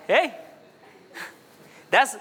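Male pastor, high bright voice, playful sermon delivery with repeated words, reverberant hall. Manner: jokey, repeats words, reads funny kids' prayers.

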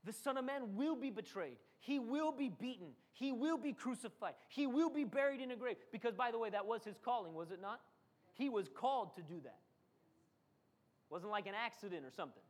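A man with a very high voice preaches a sermon with fervor. He acts out the figures he quotes and calls on the congregation to answer back with amens. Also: animated, a little fast. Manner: preaching with dramatic acted quotes and call-and-response. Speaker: pastor.

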